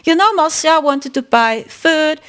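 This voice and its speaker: A woman's voice: high-pitched, a little slow. A woman hosting a spiritual podcast, telling a story in a casual, emphatic way. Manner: animated, emphatic, retelling a story. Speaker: podcast host.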